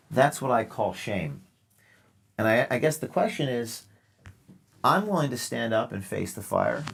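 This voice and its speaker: A man's voice: mid-range voice, vocal fry, slightly rough. A man hosting a live call-in show, lecturing callers in a sarcastic, mock-earnest way. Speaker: show host taking calls.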